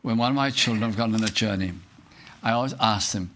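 An older British man preaching an earnest sermon, reciting hymn verses slowly. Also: fairly low pitch, a bit bright.

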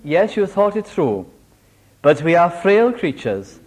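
A Welsh man preaching a sermon, animated and homely, telling a simple story with small jokes. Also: high voice, takes it slowly. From Wales.

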